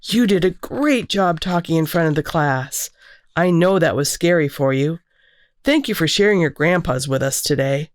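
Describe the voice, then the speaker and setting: A patient schoolteacher with a gentle, warm, teacherly way of talking, as a woman reads her. Her voice sits a little above the reader's low natural pitch, recorded dry and close. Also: animated, moderate pace, no room sound.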